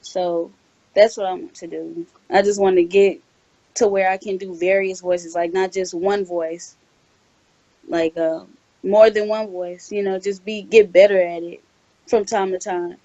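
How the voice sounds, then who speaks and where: A woman's voice: mid-range voice, steady tone, unhurried, warm tone, no echo. A young woman, a voice-over actress, answering interview questions hesitantly with many fillers and restarts. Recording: dull, slightly lo-fi dry sound.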